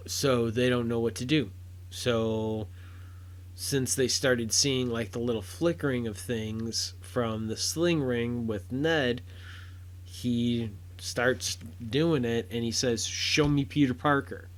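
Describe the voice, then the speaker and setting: Slow, rambling man reviewing a film. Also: mid-range voice. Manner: rambling, many fillers and restarts; gets loud and excited at big moments. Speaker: podcast host reviewing a film. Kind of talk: casual spoken review.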